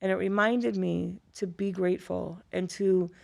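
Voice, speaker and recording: Unhurried and gravelly, this lowish female voice belongs to a middle-aged Floridian, a former high school teacher on as a guest. She recounts personal stories in conversation with lively energy, performing the dialogue she quotes.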